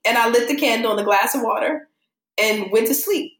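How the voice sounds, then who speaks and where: A woman's voice: on the high side, unhurried, long pauses, echoey room. A young adult woman telling a story in casual chat, acting out the voices of the people she quotes. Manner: animated, acts out quoted voices. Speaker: podcast guest.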